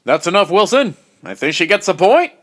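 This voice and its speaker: A man's voice: sits high, very animated, fairly quick, noisy background. A man voicing a self-assured male space commander in a storybook reading, speaking bossily. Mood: smug. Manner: confident, bossy.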